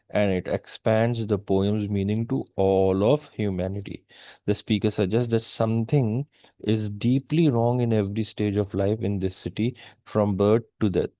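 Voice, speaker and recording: Low-voiced teacher explaining poetry. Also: male voice, mellow, no room sound. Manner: explanatory, mixing English with Hindi asides. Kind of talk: poetry lesson.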